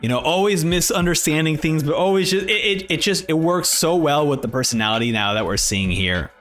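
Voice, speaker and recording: A young man hosting a manga reading reaction, excited and animated as he talks. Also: on the high side, a little fast, faint music behind. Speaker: reaction host.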